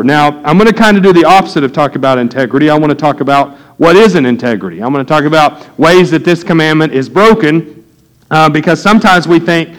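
A middle-aged man preaching a sermon, telling folksy stories and getting animated when he quotes people. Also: on the high side, low-quality recording. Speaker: pastor. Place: church.

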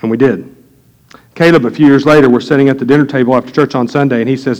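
A man's voice: medium pitch, fairly even intonation, fast, darkish tone. A middle-aged man, a pastor preaching a sermon to his congregation in a folksy storytelling way.

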